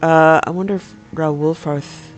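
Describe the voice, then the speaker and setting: Relaxed chatty game streamer. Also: medium pitch, unhurried, dull audio, faint music behind. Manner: relaxed, chatty, self-correcting. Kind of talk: casual gameplay commentary and reading aloud.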